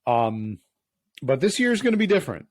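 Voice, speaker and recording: A man co-hosting a podcast, his voice at an everyday middle pitch. He sounds playful and chuckling, trips over and restarts his sentences, and the recording is close and dry with no room sound. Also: very animated, fairly quick, no echo, rough recording. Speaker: podcast co-host. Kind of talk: casual chat.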